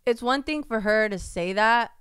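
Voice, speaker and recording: A woman's voice: fairly high pitch, normal speed, fairly bright tone, clear, resonant tone, dry recording, studio quality. A woman chatting casually with friends, firing off teasing questions. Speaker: friend in group chat. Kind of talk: casual chat.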